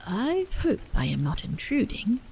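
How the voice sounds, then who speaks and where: A woman's voice: a little high, wildly swooping pitch, unhurried, gravelly, a little mellow, exaggerated voice, rough recording. A woman voicing a shy, nervous, polite man in a whispered role-play. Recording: faint rain noise behind.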